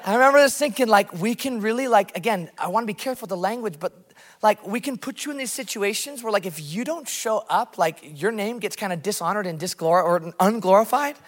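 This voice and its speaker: This American pastor delivers a passionate sermon in a church hall, drawing on tales from his missions work. He speaks fairly quickly in a high, animated voice, and the room adds long hall reverb.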